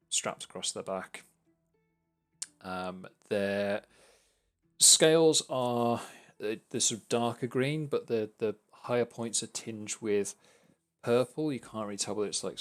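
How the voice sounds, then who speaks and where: A man narrating a tabletop game as game master, pausing often with hesitant fillers. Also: low-pitched, a bit bright. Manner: hesitant, filler-heavy descriptions.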